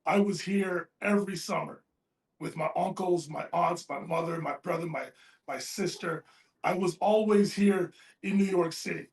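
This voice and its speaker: A man's voice: high-pitched, moderate pace, vocal fry. A man co-hosting a casual sports talk show, speaking earnestly and from the heart. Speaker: podcast co-host. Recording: roomy echo.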